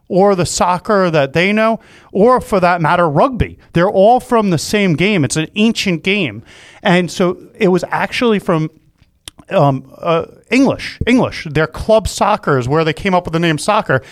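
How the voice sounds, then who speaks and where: A man's voice: high voice, lively intonation, measured pace, dry recording, studio quality. A man hosting a podcast in casual chat, rambling and self-mocking as he jokes. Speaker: podcast host.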